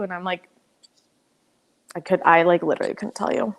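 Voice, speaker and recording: A young American woman in casual interview chat, talking fast with many "like" fillers and frequent laughs. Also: fairly low pitch, fairly even intonation. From United States. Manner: chatty, lots of "like" fillers, laughs often. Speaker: podcast guest, pro soccer player.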